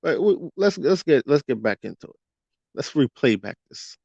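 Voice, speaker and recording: A man's voice: mid-range voice, sing-song, moderate pace, gravelly, a little mellow, slightly rough, dry recording. A man ranting through a fiery commentary monologue, firing rhetorical questions at his viewers and stretching out words for emphasis. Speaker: vlogger. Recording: dull lo-fi dry audio.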